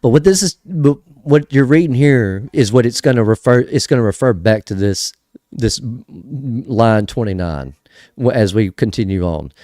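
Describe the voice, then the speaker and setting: A man with a mellow, warm tone reads scripture aloud and adds his own commentary in a loose livestream style. His pitch rises and falls in a lively way, and he keeps breaking off to chat and laugh at his own distractions. The sound is close and dry. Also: normal speed, no echo. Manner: chatty, easily distracted, laughs at himself. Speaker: host reading scripture to a live chat. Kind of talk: casual livestream Bible reading with commentary.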